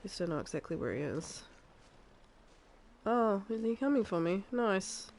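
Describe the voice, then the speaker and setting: A young woman from New Zealand with a softened New Zealand accent, chatting casually and rambling with many fillers as she streams a game. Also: mid-range voice, expressive, a little slow, a little hiss or hum. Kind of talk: casual live game commentary.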